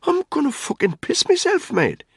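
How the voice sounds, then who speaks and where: A man's voice: extremely high pitch, wildly swooping pitch, moderate pace, creaky, no room sound, clean studio sound, pitched above the performer's own voice, full character voice. A man voicing a tough, street-smart male ex-soldier in an audiobook, pleading in a matey way.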